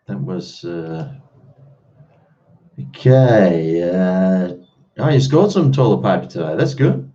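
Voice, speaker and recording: A man's voice: low voice, big pitch swings, slow pace, long pauses, warm tone, dull audio. Blunt Australian man chatting on stream. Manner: blunt, swears freely, chatty. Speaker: live streamer answering chat. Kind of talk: casual live-stream chat.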